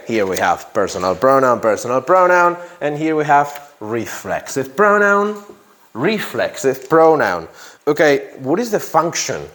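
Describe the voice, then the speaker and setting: A man teaching an English grammar class in a classroom, repeating example sentences and asking students questions. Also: mid-range voice.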